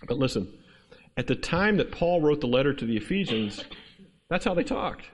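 High-voiced man preaching conversationally. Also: lively intonation, normal speed, in a large hall, a crowd in the background. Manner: conversational preaching with rhetorical questions and humor. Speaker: pastor. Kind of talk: sermon.

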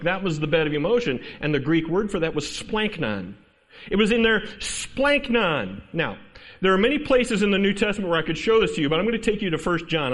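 A pastor preaches in an easy, conversational way. His voice sits notably high for a man. He keeps asking the listeners questions and slips in touches of humor. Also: a bit bright, long reverb tail. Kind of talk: sermon.

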